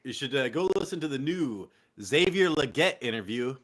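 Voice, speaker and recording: A man's voice: medium pitch, animated, moderate pace, a bit bright. A young man with a Californian accent, hosting a casual fantasy football show with loose, profane, laughing banter. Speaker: podcast host.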